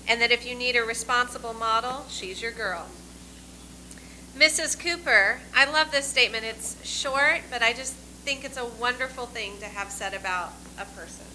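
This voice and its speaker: A woman principal presenting a student award, reading out staff tributes in a warm, emotional way. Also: a little high, slight background noise, poor audio. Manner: warm, emotional, reads quotes aloud. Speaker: elementary school principal.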